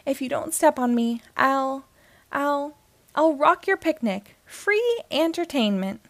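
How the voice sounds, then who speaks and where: A woman's voice: sits high, expressive, slow pace, no echo, full character voice. A woman voicing a small young male ant who dreams of rock stardom, eager and pleading. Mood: begging.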